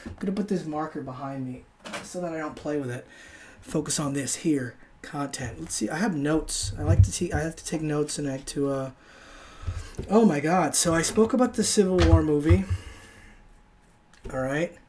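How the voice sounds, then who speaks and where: A man's voice: a little high, normal speed, darkish tone, slight background noise. A young man talks on his own podcast in a loose, rambling way. He starts sentences over, trails off and swears casually as he tells a story about his night out. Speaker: podcast host. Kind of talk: casual solo monologue.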